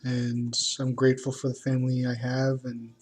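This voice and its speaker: A man's voice: mid-range voice, monotone, moderate pace, a little mellow, slight background noise. A man talking casually while he draws, rambling and hesitant, with many fillers and restarts. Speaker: artist. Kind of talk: casual talk while drawing.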